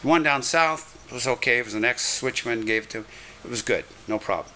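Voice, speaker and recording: An older man, a retired railroad conductor, telling lively anecdotes with chuckling asides in a reminiscing style. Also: mid-range voice, brisk, slight background noise. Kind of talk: reminiscing storytelling.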